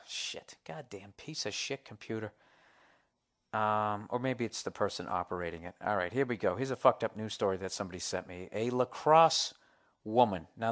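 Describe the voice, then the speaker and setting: A man's voice: lowish voice, a bit bright. A man, a comedian hosting his own podcast, telling stories in a casual, rambling, profane comic monologue with a sardonic edge.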